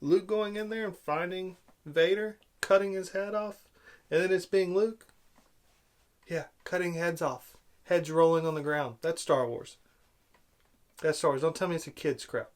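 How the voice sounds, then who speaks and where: A man giving an exasperated, sarcastic film review rant, swinging between loud outbursts and low muttering. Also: a little slow. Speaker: movie reviewer.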